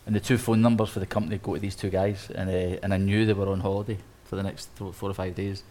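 A man, an interior designer, telling a lively story on a live panel, acting out quotes with many restarts. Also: deep voice, fast talker. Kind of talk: anecdote on a live panel talk.

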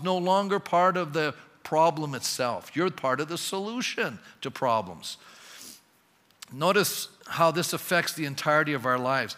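A male pastor preaching a sermon, often asking the congregation rhetorical questions in an emphatic, lively delivery. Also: fairly high pitch, moderate pace, in a large hall.

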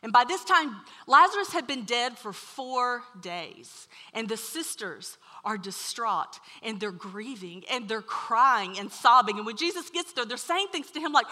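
A woman preaching a sermon to a room, telling a story with animated swings from loud to hushed. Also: on the high side, normal speed, few pauses. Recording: long hall reverb.

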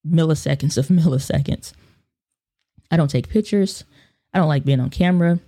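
A man's voice: fairly high pitch, vocal fry, mellow. A man telling a personal motivational story in a casual, earnest way, with lots of fillers and restarts. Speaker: self-improvement speaker.

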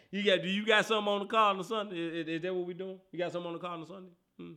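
High bright-voiced man ranting about football. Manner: animated, teasing, repeats himself, laughs often. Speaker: sports talk host. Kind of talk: casual sports talk rant.

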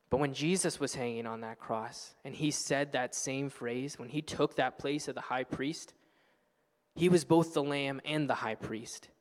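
A man preaching a sermon as pastor, earnest and passionate, building to loud exclamations. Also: mid-range voice, long reverb tail. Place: church sanctuary.

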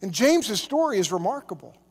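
High-voiced preacher in a reverberant hall. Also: male voice, very animated, fairly quick, darkish tone, breathy edge. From Oklahoma. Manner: earnest, repeats words on restarts, acts out quoted voices. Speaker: pastor. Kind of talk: sermon.

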